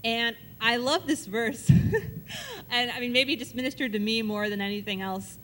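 A woman's voice: fairly high pitch, steady tone, moderate pace, fairly bright tone, a little hiss or hum. A woman leading a Bible study, reading verses aloud and explaining them in a casual, conversational way, often checking in with her listeners. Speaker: Bible teacher.

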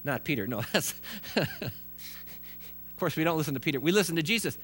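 A man's voice: on the high side, animated, normal speed, long pauses, pushed and bright. A man preaching a sermon in a conversational way, with restarts and joking asides. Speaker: pastor.

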